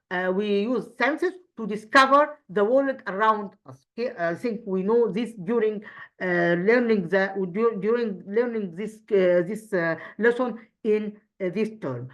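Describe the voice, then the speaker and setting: Her voice mid-range, a female teacher who speaks Arabic natively and has an Egyptian accent works through English grammar for an exam. She pauses and restarts a lot, putting questions to herself and answering them.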